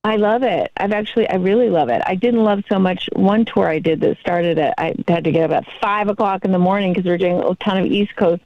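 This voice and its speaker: A woman's voice: medium pitch, fairly quick, hardly any pauses, no room sound, dull audio. A middle-aged woman, a guest actress, chatting effusively in a casual interview and laughing often.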